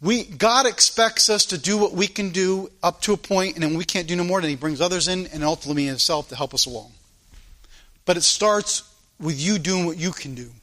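Bright, high-voiced man preaching a sermon. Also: brisk. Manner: preaching with sudden swings between loud emphasis and quiet asides; informal spoken grammar, repeats phrases for emphasis. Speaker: pastor. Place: church.

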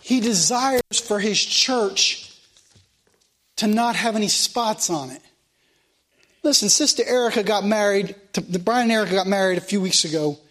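A male preacher with a notably high voice delivers a sermon. He talks emphatically and repeats himself, piling up rhetorical questions for the congregation. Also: normal speed, a bit bright.

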